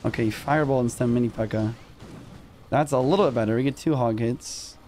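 A young man commentating his own live gameplay in casual slang, excitable and quick to yelp when rattled. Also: medium pitch, slight background noise. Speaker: gaming streamer. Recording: music underneath.

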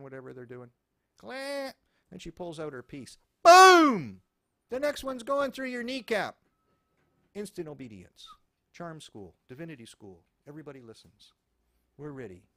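Brief: male host, sarcastic profane ranter, gravelly edge, swooping delivery. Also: a little high. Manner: animated, sarcastic, profane ranting. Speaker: talk show host. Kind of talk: ranting commentary.

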